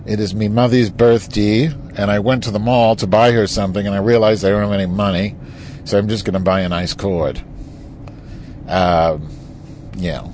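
A vlogger with a lowish, slightly mellow voice talks into a recording device while driving, car noise audible behind him. His driving vlog is a rambling, heated political rant full of swearing.

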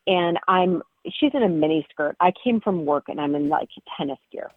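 A woman co-hosting a podcast, telling a story in chatty talk with many fillers. Her voice sits a little low. She comes through a tinny phone line, and the sound is dry. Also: animated, normal speed, dry recording. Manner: chatty, lots of "like" and "um". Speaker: podcast co-host. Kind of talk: casual storytelling.

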